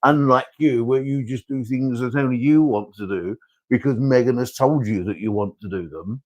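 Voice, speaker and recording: A man's voice: medium pitch, normal speed, a little mellow, close to an everyday voice. A man impersonating a stuffy, elderly British king who dismissively scolds his son. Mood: scolding. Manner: stuffy, dismissive, stammering repeats.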